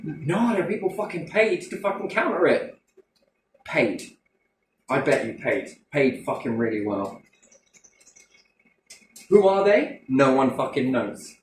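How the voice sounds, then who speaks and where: A man's voice: a little high, very animated, a little slow, pauses often, slight background noise. A man in casual chat, rambling, swearing a lot and asking himself rhetorical questions. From Britain. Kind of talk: casual conversational rant. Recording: roomy echo from a distant mic.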